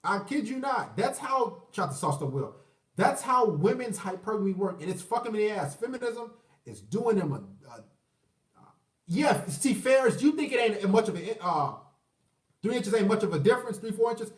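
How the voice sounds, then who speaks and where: High-voiced ranting man in his thirties. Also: lively intonation, moderate pace, recorded from a distance. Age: 30s. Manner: profane, rambling, mocking voices, shout-outs to viewers. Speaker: livestream host. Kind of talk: ranting livestream commentary. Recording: roomy echo, away from the mic.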